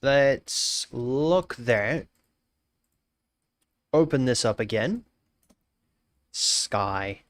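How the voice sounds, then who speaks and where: A man's voice: mid-range voice, expressive, extremely slow, long pauses, no echo. An Australian man live-streaming, casually greeting chatters and thinking aloud while he works, often repeating his phrases.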